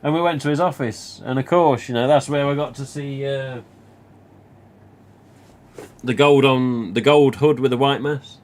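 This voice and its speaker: A man's voice: medium pitch, fairly even intonation, unhurried, long pauses. A man with a Nottingham accent, hosting a livestream and telling a long, rambling personal story full of asides and mild swearing. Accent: Nottingham English. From England. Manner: chatty, rambling, many you-knows, mild swearing. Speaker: livestream host. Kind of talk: casual anecdote telling.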